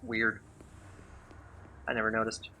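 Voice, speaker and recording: A man's voice: lowish voice, completely flat delivery, slow, bright, forceful tone, slight background noise. A man giving casual gameplay commentary during a speedrun, chatty, sarcastic and rambling.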